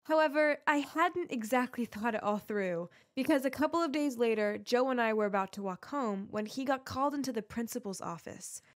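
A woman giving scripted first-person narration of an animated story in a confiding tone. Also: on the high side, a little fast, few pauses.

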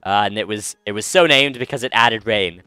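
A man's voice: on the low side, brisk, bright, forceful tone, clear, resonant tone, no room sound, faint music behind. A man hosting a let's-play, chatting casually and rambling through commentary with many fillers and restarts. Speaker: game let's-play host.

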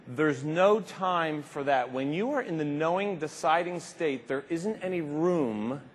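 Man giving a keynote in a big hall. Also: fairly high pitch. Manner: animated, emphatic, acts out little scenes. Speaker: keynote speaker. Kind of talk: motivational keynote speech. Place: large convention hall. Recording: reverberant hall, faint background noise.

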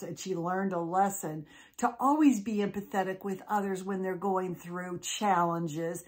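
A woman storyteller narrating in an animated, conversational way. She talks as if she were chatting with listeners, and her voice sits at an ordinary middle pitch. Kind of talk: telling an original story.

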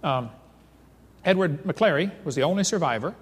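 Man, seminar speaker, fairly high voice, lively storyteller, long hall reverb. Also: normal speed, husky. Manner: animated storyteller reading accounts aloud.

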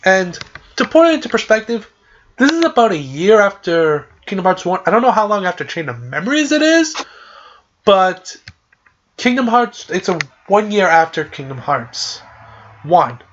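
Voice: mid-range voice, big pitch swings, moderate pace, slight background noise. Chatty podcast host on a lo-fi mic. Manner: loose and chatty, with frequent "like" and "uh". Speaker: podcast host recapping a video game story. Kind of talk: casual rambling recap.

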